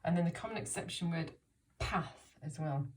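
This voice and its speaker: A woman teacher giving an encouraging, expressive reading lesson to young children, asking them questions about the story. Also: fairly low pitch, moderate pace. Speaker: primary school teacher.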